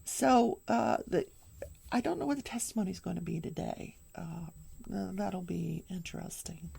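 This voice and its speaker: An older woman hosting a daily crafting show, recapping a trial in casual chat with animated storytelling and hushed asides. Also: on the low side, moderate pace, vocal fry, breathy edge. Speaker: daily crafting and true crime show host.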